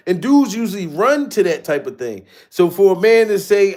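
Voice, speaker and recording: A man's voice: sits high, lively intonation, brisk, hardly any pauses, a little mellow. A man hosting a casual livestream, chatting with viewers in slangy talk and laughing often. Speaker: livestream host reading chat.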